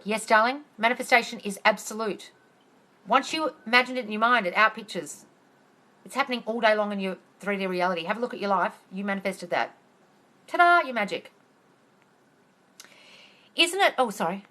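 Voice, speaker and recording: Ranting heatedly on a phone live stream, this manifesting coach answers questions bluntly, cursing freely and addressing viewers as darling. She speaks in a mid-range, expressive voice with a sharp tone, fairly quickly and with frequent pauses.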